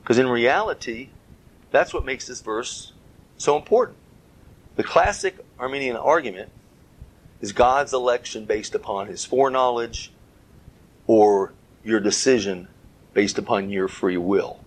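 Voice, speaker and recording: A man's voice: medium pitch, unhurried, pauses often, rough recording. A man giving a Bible teaching talk as a preacher, earnest, speaking in short phrases and stressing key words.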